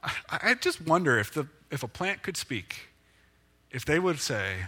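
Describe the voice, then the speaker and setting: A male pastor delivers a sermon in an easy, conversational way and pokes fun at himself now and then. His voice sits a bit high and is very bright and forward. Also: a little slow, slightly rough. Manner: conversational and self-deprecating, with lively pitch swings.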